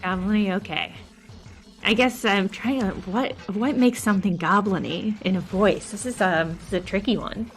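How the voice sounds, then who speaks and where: A woman's voice: mid-range voice, normal speed, soft background music. Laughing woman hosting a casual chat. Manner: laughs easily, enthusiastic interjections. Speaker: host.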